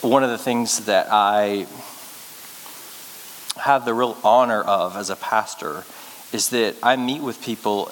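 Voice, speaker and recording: Man preaching in a reverberant hall. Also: lowish voice. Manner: earnest storytelling preacher, lively when telling anecdotes. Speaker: pastor. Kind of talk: sermon. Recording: reverberant hall with faint hiss.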